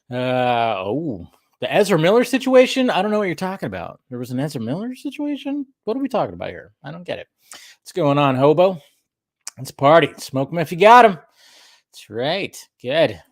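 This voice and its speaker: A man talks in a loose, rambling way as he hosts a casual live stream from home, greeting people in the chat by name. His pitch sits in an ordinary middle range, and the sound is dry and close, with little room echo. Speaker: host of a live drinking stream. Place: home room with a pub table.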